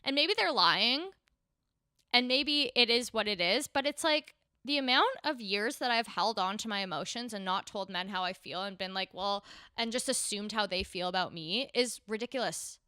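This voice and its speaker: A woman's voice: medium pitch, lively intonation, moderate pace, sharp tone, smooth, no room sound, studio quality. A young woman hosting a casual podcast, a stand-up comic who swears freely and acts out the people she quotes. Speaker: podcast host and stand-up comedian.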